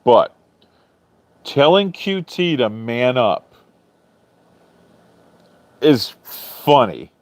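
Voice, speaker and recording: A man hosting a live stream in casual chat, answering viewers' comments in a chatty, animated way, swearing freely and often laughing. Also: mid-range voice, very slow, pauses often, no room sound. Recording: dull lo-fi stream audio, dry.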